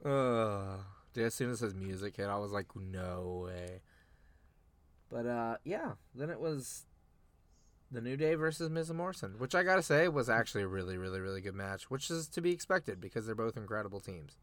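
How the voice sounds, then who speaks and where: Excitable young man recapping wrestling, dry close sound. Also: mid-range voice, a little fast, dry recording. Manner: excitable, laughing, slangy recaps with acted-out quotes. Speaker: podcast co-host. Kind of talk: casual chat.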